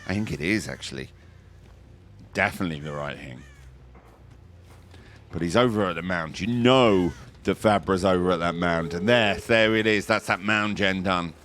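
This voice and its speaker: A man giving live commentary on a competitive online match, chatty and jokey, breaking into excited high exclamations. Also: moderate pace, few pauses. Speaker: esports commentator.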